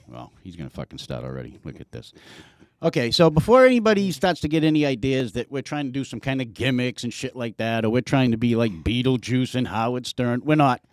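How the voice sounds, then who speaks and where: A man's voice: medium pitch, very animated, a little fast, dry recording, clean studio sound. A man hosting a casual sports podcast, swearing, telling stories and ribbing his guest. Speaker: podcast host.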